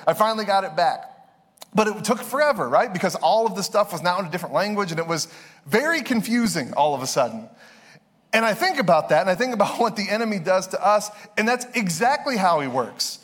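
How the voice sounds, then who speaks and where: A young man preaching a sermon in a relaxed, conversational way, mixing Bible reading with quick personal stories. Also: high voice, breathy edge. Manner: conversational, storytelling with quick asides. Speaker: pastor. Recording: long reverb in a hall.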